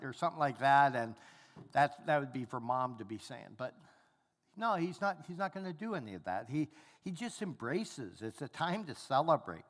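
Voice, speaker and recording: A male pastor preaching a sermon, teaching animatedly and acting out the characters' lines. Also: medium pitch. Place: church hall. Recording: long hall reverb.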